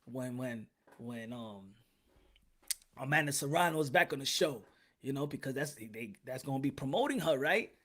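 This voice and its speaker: A man's voice: medium pitch, expressive, normal speed, fairly bright tone. A man hosting a boxing podcast in casual chat, rambling, joking and swearing freely.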